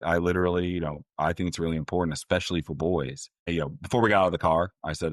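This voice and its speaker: A middle-aged man with a very deep voice talks casually through parenting advice. He tells little stories and jumps into quick impressions of parents and kids. The recording is dry and close, with no room sound. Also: no echo. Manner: conversational, storytelling, acts out parent and child quotes. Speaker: guest author and parenting expert. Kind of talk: casual interview talk.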